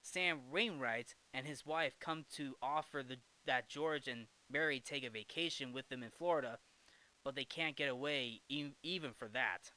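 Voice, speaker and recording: A man's voice: mid-range voice, moderate pace, sharp tone. A man hosting a movie review show, giving a casual, rambling film recap with jokey asides and frequent self-corrections.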